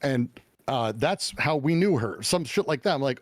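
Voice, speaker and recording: A middle-aged man telling his life story as an interview guest, animated and swearing, with many fillers and restarts. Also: mid-range voice, normal speed, dry recording, clean studio sound. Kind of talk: casual storytelling.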